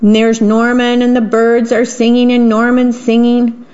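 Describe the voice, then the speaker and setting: A woman's voice: fairly high pitch, monotone, a little slow, a little mellow. A woman reading picture books aloud and describing the pictures between the lines. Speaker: reader. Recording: dull lo-fi recording.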